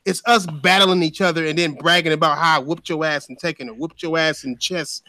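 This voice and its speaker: Man, podcast host, high voice, quick pace, casual slangy chat, repeats himself. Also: steady tone, bright, forceful tone, dry recording, studio quality.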